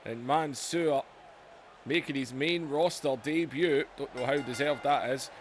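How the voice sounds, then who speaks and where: A man hosting a gaming channel who gives excitable mock wrestling play-by-play for a video game and yells at the big moments. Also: mid-range voice, unhurried, slight background noise.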